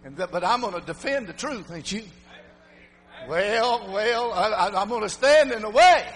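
An older man preaching an emphatic revival sermon, swinging from shouts to low muttering. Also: lively intonation, normal speed, in a large hall, rough recording.

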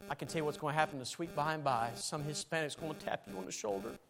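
A man preaching a sermon and giving an altar call, swinging from loud pleading to hushed tones. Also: a little high, very fast, gravelly, crowd noise, low-quality recording. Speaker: pastor.

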